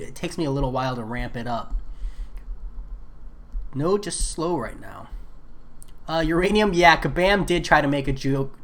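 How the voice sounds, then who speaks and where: A man's voice: on the high side, fairly bright tone. A man chatting casually while live-streaming a game, answering viewer messages in a laid-back way.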